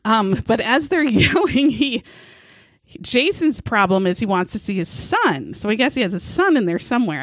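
A woman hosting a podcast, retelling a true-crime story in a casual, animated way and laughing often. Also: on the high side, dry recording. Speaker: podcast host.

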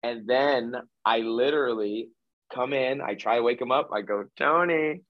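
A man's voice: mid-range voice, normal speed, no room sound. A male hypnotherapist telling a story in conversation, acting out the lines of the people in it. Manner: lively retelling, acting out quoted dialogue. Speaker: hypnotherapist guest. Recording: dull lo-fi dry recording.

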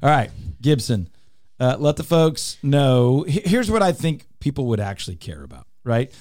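A man's voice: medium pitch, big pitch swings, moderate pace, darkish tone, no echo. A man hosting a radio show in a studio, talking in an upbeat, teasing, salesy way. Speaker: radio show host and real estate team leader. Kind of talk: casual radio talk.

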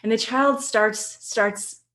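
A woman guest who works with children, explaining her work in an animated way and telling stories. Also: on the high side, slow. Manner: animated storyteller, acts out quotes. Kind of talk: conversational explanation with anecdotes.

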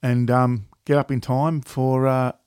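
Rambling Australian bloke, swearing freely. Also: male voice, mid-range voice, flat delivery, measured pace, darkish tone, smooth, dry recording, studio quality. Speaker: podcast co-host. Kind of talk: casual chat.

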